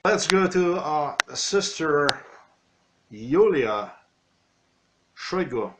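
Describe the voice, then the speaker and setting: A man's voice: fairly high pitch, big pitch swings, extremely slow, background noise. A man in non-native English giving rambling spoken commentary over video clips, ranting and often correcting himself. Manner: ranting, with frequent restarts and self-corrections.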